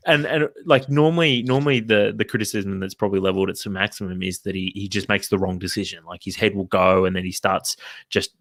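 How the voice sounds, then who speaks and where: A man's voice: sits low, brisk, a bit bright, no room sound. A man co-hosting a casual football podcast, talking in long rambling runs with restarts and the odd swear word. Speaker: podcast co-host.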